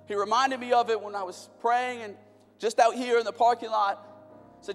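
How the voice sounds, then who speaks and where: A young man preaches with a strikingly high voice, surging into loud bursts and then sinking to quiet, low moments. His sermon rings out through a large church hall with long reverb, soft music playing beneath. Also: steady tone, moderate pace. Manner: impassioned, building in bursts then dropping low. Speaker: pastor. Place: church auditorium.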